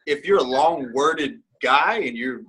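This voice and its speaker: A man's voice: medium pitch, expressive, unhurried, fairly bright tone, breathy edge. A man speaking as a guest in a casual interview, rambling and candid, with lots of fillers and restarts.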